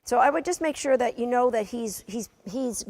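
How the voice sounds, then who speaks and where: A woman instructing a dog training class, giving brisk, matter-of-fact commands to a dog and its handler, sometimes teasing. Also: a little high, a little mellow. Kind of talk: coaching a live training session. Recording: long reverb of a large hall.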